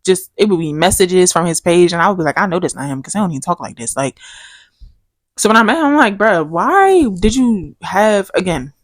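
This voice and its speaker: Young woman, casual podcast co-host, low-ish voice, dry close mic, animated storyteller. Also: quick pace, no room sound. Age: young adult. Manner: animated storytelling, acts out quotes with big pitch jumps. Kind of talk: casual chat.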